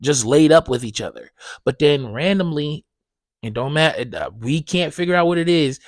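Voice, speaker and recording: Guy ranting on his podcast, swears a lot, goes loud and high when he's mad, dry mic. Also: animated, normal speed, no room sound. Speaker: podcast host. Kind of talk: casual ranting monologue.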